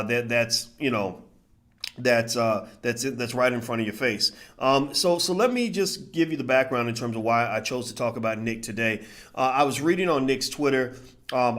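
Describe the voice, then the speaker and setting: A man talking casually to a live chat in commentary, repeating phrases and using lots of fillers. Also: mid-range voice. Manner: grows more animated and louder as he goes. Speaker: livestream commentator.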